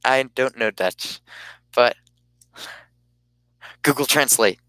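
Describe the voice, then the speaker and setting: Slow, smooth-voiced man rambling on a stream. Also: mid-range voice, bright, forceful tone, dry recording, low-quality recording. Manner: rambling, halting, self-interrupting. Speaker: live streamer. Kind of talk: casual live-stream chat.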